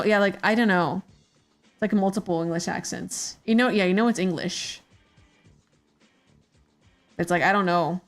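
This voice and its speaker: A woman streamer chatting casually while she draws, rambling with many fillers and hesitations. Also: mid-range voice. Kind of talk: casual chat while drawing.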